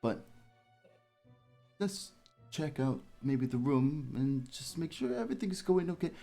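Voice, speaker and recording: A man playing a tabletop game, talking in a rambling, hesitant way while trying to smooth things over. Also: fairly high pitch, sing-song, a little slow, dark tone, soft background music. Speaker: player. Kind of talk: tabletop role-play.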